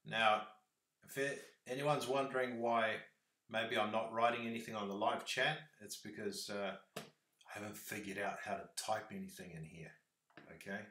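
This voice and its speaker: A man's voice: on the low side, fairly even intonation, normal speed, pushed and bright, reverberant. A man with a New Zealand accent chatting casually on a livestream, rambling with lots of fillers.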